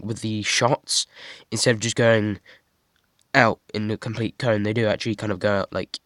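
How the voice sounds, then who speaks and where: A man's voice: fairly low pitch, fairly bright tone, no echo, studio quality. Stuffy-nosed guy with a cold. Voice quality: husky. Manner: rambling, many ums, self-deprecating asides. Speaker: hobby builder showing his model. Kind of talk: casual show-and-tell.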